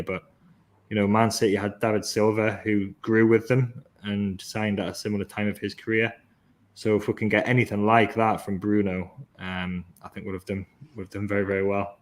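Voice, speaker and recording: A man with a somewhat low voice hosting a football podcast. He breaks down play in a measured, analytical way. His enthusiasm keeps coming through. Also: flat delivery. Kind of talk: casual football podcast chat.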